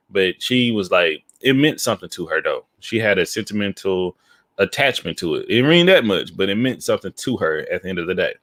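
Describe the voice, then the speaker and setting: A man tells a story in a casual podcast chat. He is animated, keeps checking in with his listener and slips into other people's voices. The mic sound is dry and close. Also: fairly low pitch, no room sound. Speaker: podcast co-host.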